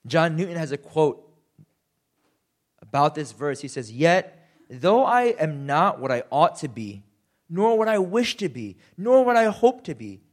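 A young man preaching a sermon, animated and self-deprecating, acting out quotes with sudden jumps in pitch. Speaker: pastor.

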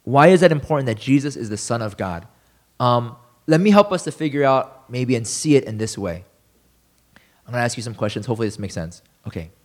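A man's voice: medium pitch, expressive, brisk. A man preaching a sermon as a pastor, in a conversational way, often asking the listeners questions.

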